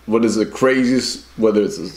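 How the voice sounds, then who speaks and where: A man's voice: on the low side, normal speed, a crowd in the background. A man hosting a podcast, asking questions in an easygoing, joking way. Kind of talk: casual chat. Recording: roomy recording.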